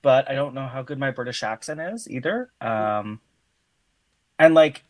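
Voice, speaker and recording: A man's voice: mid-range voice, expressive, measured pace. A man guest on a casual podcast chat, talking hesitantly with many fillers. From Canada.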